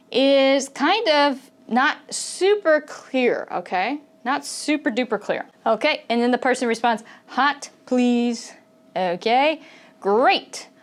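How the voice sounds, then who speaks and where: Slow, clear woman teacher. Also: a little high. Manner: repeats phrases, checks in with "okay?", laughs often. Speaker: English pronunciation teacher. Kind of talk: slow, deliberate teaching with modeled phrases.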